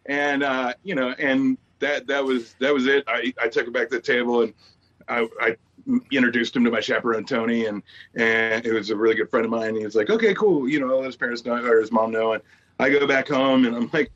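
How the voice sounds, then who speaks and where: A man in his forties, a podcast guest, telling a story in a lively, stand-up style and slipping into voices for the people in it. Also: medium pitch, fairly quick. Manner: animated storyteller, jumps into voices for quoted people. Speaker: guest actor. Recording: slightly dull lo-fi audio.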